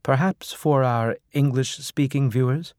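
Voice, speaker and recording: A man's voice: mid-range voice, a little slow, a little mellow, no echo, studio quality, lightly acted. A man voicing a polite, earnest female field reporter.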